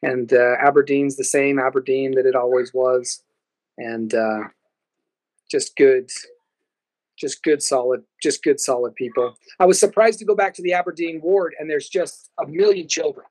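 A man's voice: medium pitch, steady tone, moderate pace, a little mellow, no room sound, low-quality recording. A man who is a podcast guest, telling stories in a casual chat and laughing often.

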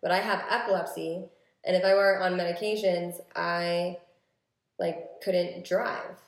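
A woman's voice: lowish voice, fairly even intonation, unhurried. Chatty young woman, roomy phone recording. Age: 20s. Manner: chatty storytelling with many "like" fillers. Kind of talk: casual chat.

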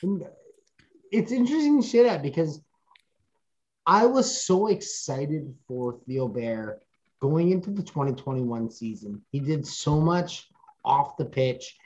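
A man co-hosts a soccer podcast in relaxed banter over a video call. His voice sits a little high, and he speaks with eager energy. He often stammers and restarts his sentences. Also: measured pace, muffled recording. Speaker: podcast co-host. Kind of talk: casual soccer podcast chat.

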